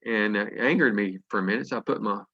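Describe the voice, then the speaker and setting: A man's voice: on the low side, fast, vocal fry, lo-fi sound. A Southern man in his fifties from North Carolina, telling earnest, folksy stories as a motivational speaker on a video call. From North Carolina, USA. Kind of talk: motivational storytelling.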